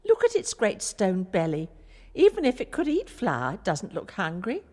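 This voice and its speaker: A woman plays a sly, quick-witted boy who talks his way out of trouble. His voice is lively and rises and falls a lot. It echoes with a long reverb. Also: mid-range voice. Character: sly clever young lad.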